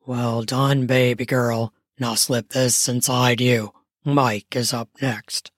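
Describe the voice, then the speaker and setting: A woman voicing the male lovers in an erotic audio story, speaking in a low, dominant tone. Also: little pitch movement, no echo, studio quality, full character voice. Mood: commanding. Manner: low, slow, dominant growl. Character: deep-voiced adult male lovers, commanding.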